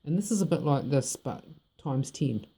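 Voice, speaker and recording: A middle-aged woman with a New Zealand accent tells a personal story straight to camera. Her voice is very dark and mellow with a gravelly rasp, and she talks bluntly and rambles. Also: rumbling low, expressive, moderate pace. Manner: blunt, rambling, frank with swearing. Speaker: vlogger. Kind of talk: personal monologue.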